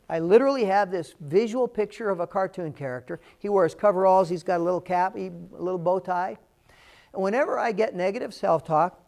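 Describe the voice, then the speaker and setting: Guy coaching a values class, pretty high voice, earnest and punchy, chatty teaching tone. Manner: earnest, emphatic, conversational with repeated phrases. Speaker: values coach and course presenter. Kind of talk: motivational teaching talk.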